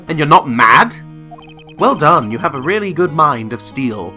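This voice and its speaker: A man's voice: medium pitch, animated, sharp tone, soft background music. A man giving sarcastic, sweary commentary while playing a video game. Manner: mocking and sweary, with drawn-out asides. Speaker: video game let's player.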